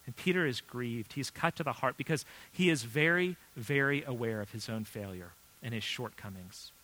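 Bright-voiced man preaching earnestly. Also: mid-range voice. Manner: earnest, conversational preaching with emphatic pauses. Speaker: pastor. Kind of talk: sermon.

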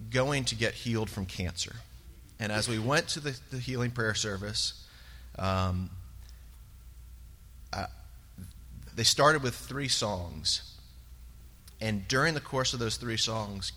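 A man sharing a personal testimony in church, earnest and halting, with many pauses and fillers. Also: lowish voice, pushed and bright. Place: church sanctuary. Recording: long reverb of a large hall.

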